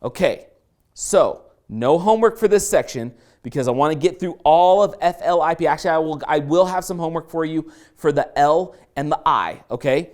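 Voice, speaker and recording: A man teaching an online course lesson through a story, animated and playful, acting out his own reactions as he goes. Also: on the high side, moderate pace. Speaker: course instructor.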